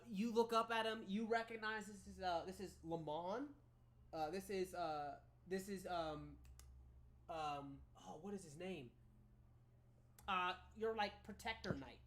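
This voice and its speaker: A woman narrating as game master of a tabletop game, halting with many ums and restarts. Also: on the low side. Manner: halting, filler-heavy narration.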